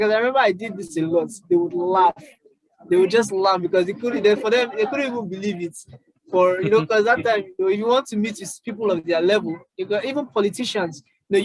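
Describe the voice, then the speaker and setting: A young Nigerian man telling his own story as an interview guest, halting with many fillers and restarts. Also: high-pitched, dry recording, poor audio. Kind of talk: casual interview chat.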